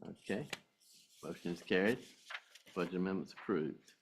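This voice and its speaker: A man with a very low voice runs a board meeting vote, briskly asking for a motion, a second and the ayes. A faint hum of noise sits under his voice. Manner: brisk procedural calls for motions and votes. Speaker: board chair. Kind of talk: chairing a public meeting vote.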